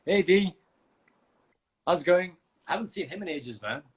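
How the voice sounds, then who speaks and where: A relaxed, friendly man from India, chatting as a guest on a video call. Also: sits high, moderate pace, husky. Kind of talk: casual livestream chat.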